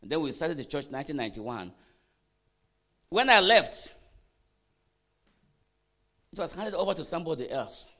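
A male preacher with a bright, forceful voice whose pitch rises and falls all the time. He keeps asking the congregation questions and moves between quiet asides and loud bursts of emphasis. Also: normal speed, pauses often. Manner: animated preaching, call-and-response questions to the congregation. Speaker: pastor. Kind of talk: sermon.

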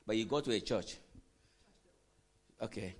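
A man preaching a sermon, quizzing the congregation with questions and swinging from quiet asides to loud emphatic bursts. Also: fairly low pitch, unhurried, vocal fry, slightly rough. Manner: animated preaching, call-and-response questions to the congregation. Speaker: pastor.

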